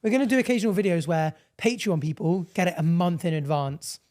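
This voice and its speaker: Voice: mid-range voice, animated, fairly quick, a little mellow. A co-host in casual podcast chat, chatty and opinionated, plugging the show.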